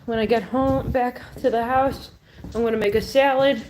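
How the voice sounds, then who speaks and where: A woman's voice: a little high, steady tone, normal speed, rough recording. A woman chatting casually to her phone camera while walking outdoors in a small town, rambling and breaking off mid-sentence. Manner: chatty, rambling, self-interrupting. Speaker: vlogger. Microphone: handheld phone camera. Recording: loud street noise and wind.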